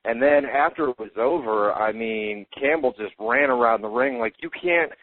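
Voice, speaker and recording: A man's voice: medium pitch, expressive, normal speed. A man hosting a radio fight-talk show, recapping events in casual chat with frequent "uh" fillers. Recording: tinny phone-like dry audio.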